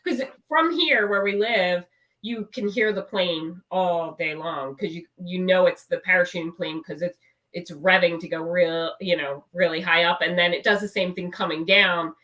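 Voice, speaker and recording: Bright-voiced woman, distant from the mic. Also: fairly low pitch, normal speed. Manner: laughs often, emphatic. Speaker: podcast guest. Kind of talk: casual chat.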